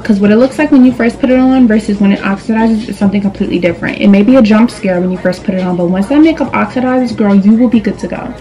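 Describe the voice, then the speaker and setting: Talking fast with hardly any pauses, a young adult beauty vlogger from New York works through a makeup tutorial indoors at her vanity. Her mid-range voice is mellow and the recording rough, and she's sassy and direct, addressing viewers as "girl" and "boo."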